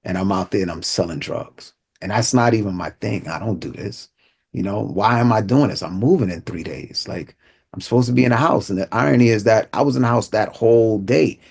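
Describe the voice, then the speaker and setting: Middle-aged New man, gravelly voice, inspirational speaker giving personal testimony with repeated phrases. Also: on the low side, brisk. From Brooklyn, New York. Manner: vivid storytelling, repeats phrases, drops to a hush for tense moments.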